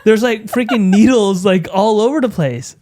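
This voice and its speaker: A young man co-hosting a podcast, telling a story in an animated way with lots of swearing and loud acted-out yells. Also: sits high, normal speed, no echo, studio quality. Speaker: podcast co-host. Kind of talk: casual chat.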